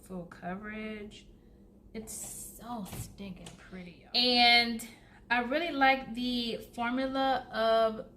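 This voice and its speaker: Bright-voiced chatty woman vlogger. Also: a little high, a little hiss or hum. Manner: chatty, addresses viewers as y'all, laughs often. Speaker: beauty vlogger. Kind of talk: casual get-ready-with-me chat.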